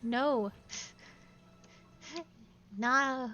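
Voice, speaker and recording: Woman VTuber, upper-pitched, playful casual commentary with read-aloud game text. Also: very slow, noisy background. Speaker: VTuber streamer.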